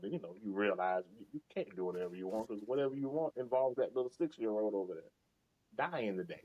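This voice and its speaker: Deep-voiced man musing out loud. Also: animated, fast, husky, muffled recording. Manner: thoughtful, profane, talks things through. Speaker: podcast co-host. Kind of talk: casual chat.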